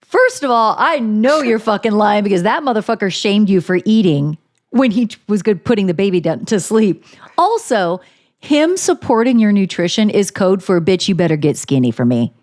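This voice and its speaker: A woman's voice: medium pitch, moderate pace. A woman in her forties co-hosting a casual chat show, talking bluntly and profanely, telling stories with lots of energy. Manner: blunt, profane, animated storytelling. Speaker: podcast co-host.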